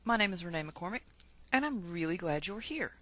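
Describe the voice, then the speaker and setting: A woman's voice: on the low side, lively intonation, a little fast, sharp tone, no echo. A middle-aged woman with a Texan twang, teaching science in a chatty, self-deprecating screencast lecture.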